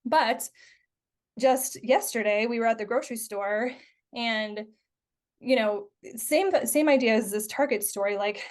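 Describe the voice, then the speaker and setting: A woman's voice: fairly high pitch, a little slow, darkish tone. A woman in her thirties hosting a podcast, talking casually and filling her speech with "like" and "you know". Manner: chatty, many fillers like "like" and "you know". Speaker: podcast host. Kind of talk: casual conversational podcast chat.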